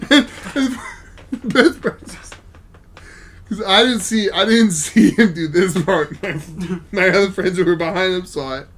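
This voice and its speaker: A man in casual gaming chat, telling stories in an animated way and laughing often, with a faint noise behind him. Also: sits high, unhurried. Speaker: podcast host.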